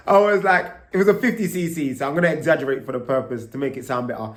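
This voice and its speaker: A man's voice: a little high, expressive, racing, hardly any pauses, reverberant. Swearing man telling a story. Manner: swears freely, keeps asking "right?". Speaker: vlogger. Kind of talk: casual storytelling monologue.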